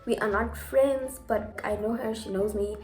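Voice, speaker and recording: Animated young woman telling a story. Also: fairly high pitch, moderate pace, soft background music. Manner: animated, dramatic, repetitive emphasis. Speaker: vlogger. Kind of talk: casual storytime. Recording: echoey room.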